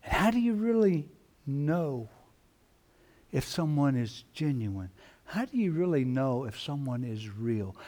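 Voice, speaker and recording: A man preaching a sermon in church, slow and emphatic, repeating his phrases for weight. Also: mid-range voice, sing-song, warm tone. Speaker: pastor.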